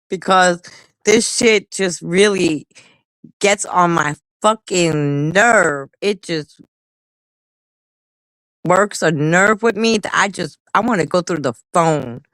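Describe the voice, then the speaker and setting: A woman's voice: lowish voice, slow pace, fairly bright tone, dry recording, low-quality recording. A woman co-hosting a livestream in casual chat, talking bluntly and heatedly with a lot of cursing. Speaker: livestream co-host.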